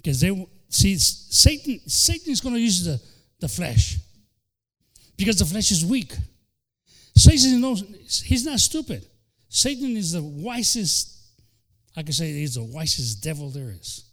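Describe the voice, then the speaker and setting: Fervent pastor preaching, voice rising and falling. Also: male voice, sits high, sing-song, a little slow. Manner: fervent preaching with sudden shifts from loud to soft; acts out quoted voices, including the devil. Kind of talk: bilingual sermon.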